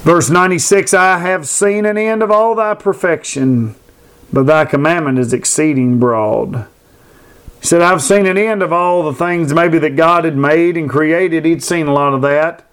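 A man's voice: a little high, normal speed, fairly bright tone, clear, resonant tone. A man preaching a sermon, building fervent repeated phrases and reading scripture aloud. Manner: fervent, repetitive emphatic preaching.

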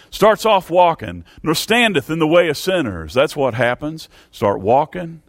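A man's voice: mid-range voice, dry recording. A man preaching a sermon, emphatic and repetitive, reading Bible verses aloud.

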